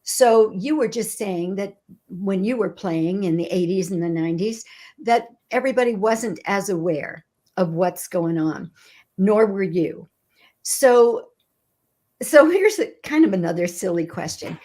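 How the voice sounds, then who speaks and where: Lively-voiced woman radio host. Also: mid-range voice, a little slow. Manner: curious, warm reactions, laughs along. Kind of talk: interview questions.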